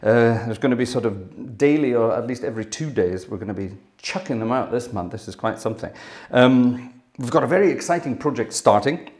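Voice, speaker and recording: A man's voice: mid-range voice, expressive, fairly quick, darkish tone. A man from Britain, hosting his organ channel, giving a rambling casual update with lots of ums and yeses, a bit out of breath. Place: music room.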